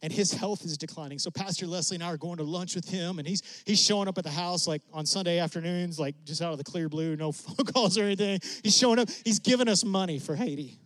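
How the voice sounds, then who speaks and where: Animated middle-aged preacher, dry sound. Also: male voice, quick pace, hardly any pauses, no echo. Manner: animated, voice jumps high when excited. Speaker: preacher sharing a mission testimony. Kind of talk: sermon storytelling.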